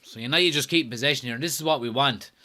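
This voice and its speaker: A young man hosting a live football watchalong, reacting excitably, swearing often and reading out viewer comments. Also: mid-range voice, fast. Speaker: watchalong host.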